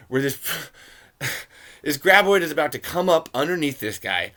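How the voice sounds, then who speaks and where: A man's voice: a little high, big pitch swings, normal speed, sharp tone. A young man hosting a casual movie commentary podcast, ranting with sarcastic, profane asides. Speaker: podcast host.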